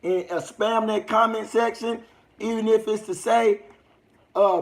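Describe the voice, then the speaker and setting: High, gravelly Southern man livestreaming. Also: steady tone, unhurried. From United States. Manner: loose, rambling street talk to viewers. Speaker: livestream host. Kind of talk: casual livestream chat.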